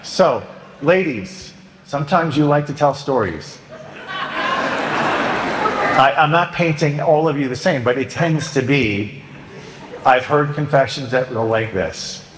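Joking priest preaching in an echoing church. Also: male voice, mid-range voice, unhurried, pauses often, background noise. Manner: chatty, joking, plain-spoken. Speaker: Catholic priest. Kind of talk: sermon. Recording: roomy long church reverb, faint ambience.

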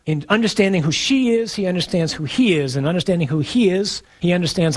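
A man preaching a sermon in a conversational, playful way, pausing for emphasis. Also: sits high.

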